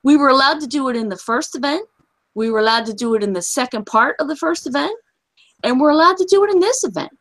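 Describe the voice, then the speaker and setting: A high-voiced woman talks straight at her listeners, blunt and heated. Her speech is casual and full of profanity, the tone of a gaming host ranting to her audience. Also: lively intonation, fast, a bit bright.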